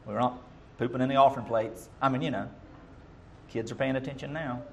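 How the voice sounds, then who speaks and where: A middle-aged man preaching a sermon as pastor, emphatic, swinging between loud bursts and quiet asides. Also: mid-range voice, fairly even intonation, a little fast, slight background noise.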